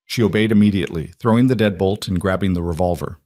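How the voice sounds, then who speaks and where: A man giving steady, suspenseful scripted narration of a dramatic story. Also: low-pitched, quick pace, no echo, clean studio sound.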